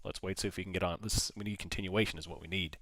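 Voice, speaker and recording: A man's voice: low voice, steady tone, racing, fairly bright tone, no echo. A man hosting a live trading stream, commenting on the chart and answering viewers' questions. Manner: talks to the chart, urging it on. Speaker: livestream trading host. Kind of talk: live commentary and chat replies.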